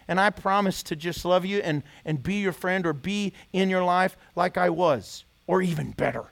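A man's voice: high-pitched, moderate pace, few pauses, fairly bright tone. A man preaching a sermon as pastor, pressing his listeners with repeated rhetorical questions.

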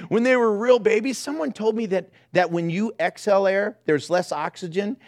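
A man's voice: high voice, moderate pace, vocal fry, hardly any pauses. A middle-aged man preaching a sermon as pastor, telling jokey, self-mocking stories. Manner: joking, self-mocking storytelling.

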